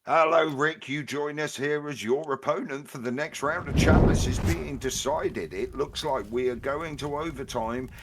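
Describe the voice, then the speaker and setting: A man's voice: on the high side, normal speed, few pauses, a little hiss or hum. A man giving upbeat, bantering commentary on a game stream.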